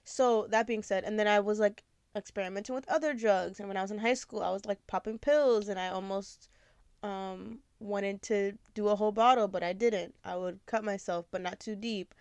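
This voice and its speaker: A woman's voice: mid-range voice, fairly even intonation, normal speed, darkish tone, clear, resonant tone, no echo. A woman in her twenties hosting a podcast, talking candidly and rambling with lots of fillers. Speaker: podcast host. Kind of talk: casual confessional chat.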